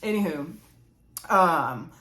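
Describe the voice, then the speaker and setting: A woman casually reviewing a reality dating show, chatty and gossipy, with playful asides, quick laughs and lots of fillers. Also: low voice, lively intonation, a bit bright.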